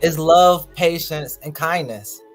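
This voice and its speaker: A man's voice: on the high side, takes it slowly, faint music behind. A man speaking as a talk show guest, laughing often and talking loosely with restarts. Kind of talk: casual panel discussion.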